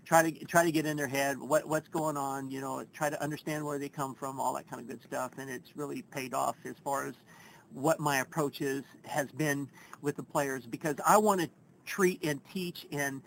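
A middle-aged man, a first base coach, telling a story in an interview in a folksy, animated way and acting out his own quotes. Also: fairly high pitch, vocal fry, a little hiss or hum, poor audio. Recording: faint background ambience.

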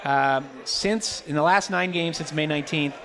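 A man's voice: a little high, moderate pace, fairly bright tone. A man hosting a casual baseball chat, telling rambling stories and laughing often. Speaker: host.

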